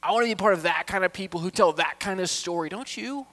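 A man preaching a sermon as a pastor, with impassioned delivery that swings from hushed asides to loud, urgent appeals. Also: sits high, fast.

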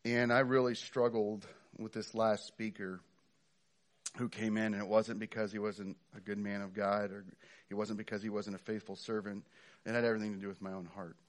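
A man's voice: fairly low pitch, little pitch movement, normal speed. A middle-aged man preaching a sermon in a conversational way, with frequent fillers and restarts. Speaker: pastor.

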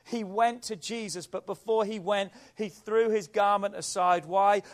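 A man's voice: sits high, steady tone, measured pace. A man pastor preaching a sermon, asking rhetorical questions and drawing out repeated phrases.

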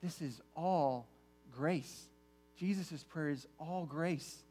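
A man's voice: on the high side, takes it slowly, warm tone, husky, soft background music. A man preaching a sermon to his congregation in an earnest way, often repeating words as he restarts phrases. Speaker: pastor.

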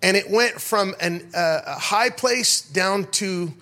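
Animated preacher man telling stories. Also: high-pitched, slow pace. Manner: animated storyteller, rhetorical calls to the crowd. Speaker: pastor. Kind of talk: sermon with storytelling.

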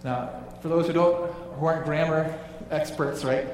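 A man preaching a sermon, emphatic, dropping low and quiet on key phrases. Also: fairly even intonation, moderate pace, far from the mic, slight background noise. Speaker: pastor. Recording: echoey hall, voice from off-mic.

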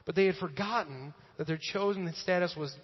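A man's voice: sits high, brisk, breathy edge. A male pastor giving a casual, joking sermon in a church, often using fillers. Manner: conversational and joking, with frequent fillers. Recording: echoey hall, dull lo-fi sound.

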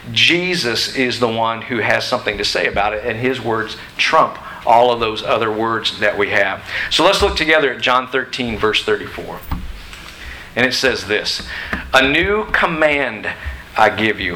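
A man's voice: medium pitch, normal speed, pushed and bright, slight background noise, low-quality recording. A middle-aged man preaching a sermon in a church, emphatic and questioning his listeners. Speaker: pastor. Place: church sanctuary.

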